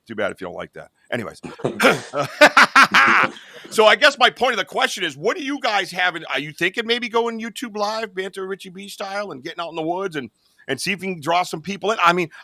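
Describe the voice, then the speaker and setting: A man's voice: a little high, vocal fry, pushed and bright, dry recording, studio quality. A man hosting a podcast in casual chat, rambling with lots of "you know what I mean.". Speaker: podcast host.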